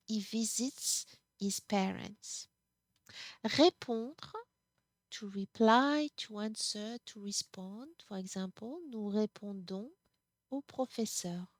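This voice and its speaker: Woman teaching a class, slow and patient, dry close sound. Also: a little high, no echo. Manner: slow, patient explaining with restarts. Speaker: French teacher. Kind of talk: classroom lesson.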